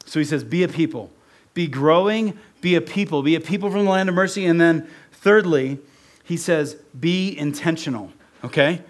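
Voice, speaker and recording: A man's voice: sits high, expressive, normal speed. A man from Ohio preaching a sermon in a conversational way, often checking in with the congregation. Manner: conversational preaching with repeated "right?". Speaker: pastor.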